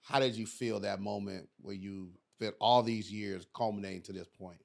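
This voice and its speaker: Man, podcast host, low voice, gravelly, measured interviewer. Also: steady tone. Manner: measured, recapping before asking. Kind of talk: interview questions.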